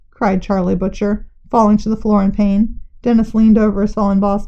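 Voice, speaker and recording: A woman reading a children's novel aloud in a lively storybook manner, briefly putting on character voices. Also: medium pitch, normal speed, few pauses, muffled recording.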